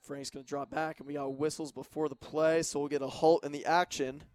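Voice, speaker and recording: A young man calling football play-by-play on college radio, brisk and detailed about formations and yardage. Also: fairly high pitch, little pitch movement, darkish tone, no echo. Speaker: play-by-play announcer. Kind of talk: radio sports commentary.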